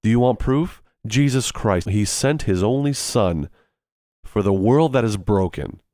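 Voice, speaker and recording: A man's voice: on the low side, expressive, a little slow, mellow, dry recording, clean studio sound. A man preaching a sermon in an earnest, pleading way, repeating phrases for emphasis.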